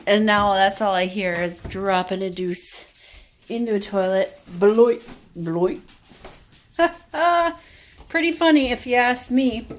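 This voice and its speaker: A woman's voice: mid-range voice, normal speed. A woman vlogging at home, chatting casually in a wry, meandering way full of asides. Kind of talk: casual rambling chat. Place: home, indoors.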